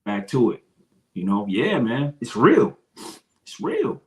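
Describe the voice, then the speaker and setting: A man's voice: mid-range voice, very animated, a little slow, darkish tone. A man from Detroit, a podcast guest, talking earnestly and repeating his phrases. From Detroit, Michigan. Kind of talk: emotional interview talk.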